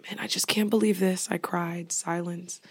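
Soft-spoken young woman talking candidly. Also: on the low side, fairly even intonation, normal speed, breathy edge. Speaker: podcast co-host. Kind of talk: casual chat.

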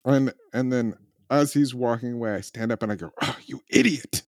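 رجل يلعب لعبة أدوار على الطاولة، يتكلم بمرح ويدخل في شخصيته. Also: male voice, medium pitch, fairly quick, a little mellow, dry recording, clean studio sound. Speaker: player. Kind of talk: playing a tabletop game.

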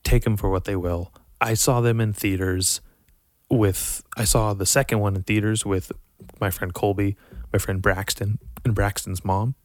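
A young man with a low voice rants about his picks in loose, profane bursts, sighing between thoughts. The sound is dry and close, with no room around it. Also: normal speed, dry recording. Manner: profane, animated, rambling with frequent sighs. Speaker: vlogger reviewing horror movies. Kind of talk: casual rant to camera.

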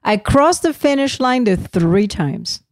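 A woman's voice: mid-range voice, very animated, unhurried, no room sound, studio quality. A woman in her thirties co-hosting a podcast, dismissive and exasperated in casual couple banter. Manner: dismissive, exasperated, brushing things off. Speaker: podcast co-host.

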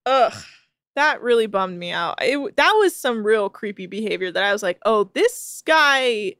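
A woman's voice: medium pitch, big pitch swings, a bit bright, no room sound, studio quality. A woman co-hosting a podcast, recapping a reality show in casual, sarcastic, swearing chat. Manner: sarcastic, quick, swears freely. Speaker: podcast co-host.

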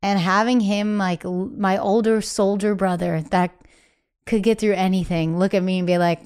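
A woman in her thirties, a podcast guest talking candidly in a casual interview, often quoting family members in lively voices. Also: mid-range voice, normal speed, clear, resonant tone.

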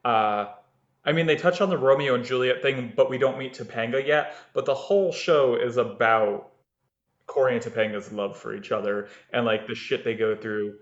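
A man's voice: medium pitch, moderate pace, roomy sound. A man co-hosting a podcast, rambling casually with lots of fillers and frequent laughs. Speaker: podcast co-host. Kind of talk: casual chat. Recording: slightly dull lo-fi sound.

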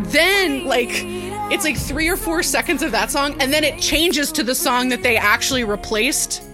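A woman co-hosting a podcast, recapping a TV episode in casual chat, talking in a chatty way with lots of "like" and excitable asides. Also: high voice, moderate pace, music in the background. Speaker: podcast co-host.

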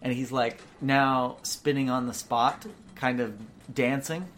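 A woman's voice: very deep voice, fairly even intonation, slow, slight background noise. A woman narrating as game master, describing scenes loosely with many filler words. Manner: casual, lots of "like" fillers.

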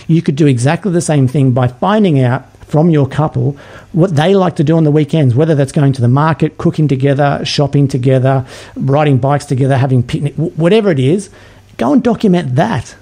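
Australian male guest, mellow tone, eager and persuasive, stumbles on starts. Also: a little high, a little fast. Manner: enthusiastic, persuasive, frequent word repeats. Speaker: podcast guest. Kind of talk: casual interview chat.

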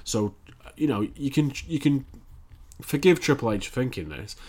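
A man in casual chat as a podcast co-host, relaxed, with loose phrasing and restarts. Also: mid-range voice, moderate pace, breathy edge.

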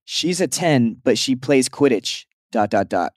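A man's voice: medium pitch, lively intonation, unhurried, dry recording, studio quality. A young man co-hosting a podcast, teasing his friend and telling rambling stories. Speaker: podcast co-host. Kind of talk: casual chat.

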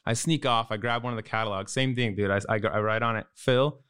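A man co-hosting a casual chat show, telling a golf story with easygoing, quick reactions. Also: medium pitch, steady tone, fairly bright tone, smooth. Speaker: podcast co-host.

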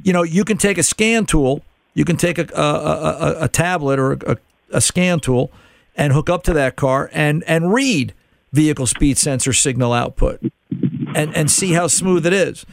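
Gravelly man hosting a call-in radio show. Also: a little high, normal speed. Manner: explanatory, conversational, repeats words while thinking. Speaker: radio car-repair show host.

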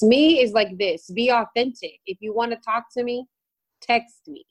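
A woman's voice: fairly high pitch, normal speed, poor audio. Outspoken woman in casual chat. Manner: outspoken, emphatic. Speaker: podcast co-host. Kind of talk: casual dating talk.

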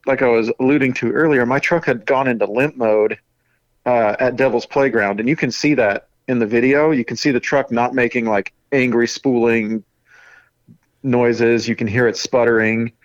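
A man of middle pitch recounts his race in a relaxed podcast conversation. He tells it with animated energy and breaks into quick laughs. The sound is close and dry. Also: no room sound, highs cut off. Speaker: racing driver guest. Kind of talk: casual podcast interview.

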